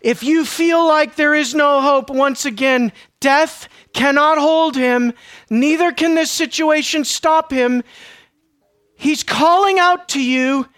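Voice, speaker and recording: Woman preacher, high voice, slow, passionate delivery that swings from hushed to loud, dry close sound. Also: no echo. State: breathless at times. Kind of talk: sermon.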